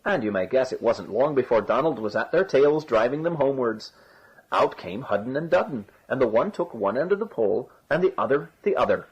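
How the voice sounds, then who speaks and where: A man narrating a storybook in a measured, expressive way. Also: medium pitch, slightly rough. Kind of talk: storybook reading. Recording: dull lo-fi recording.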